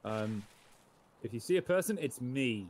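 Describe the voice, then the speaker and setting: A man's voice: mid-range voice, lively intonation, unhurried, a little mellow, husky. A man playing a game with a friend, chatty and keen to explain gun and tech trivia. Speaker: co-player. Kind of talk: casual gameplay chat.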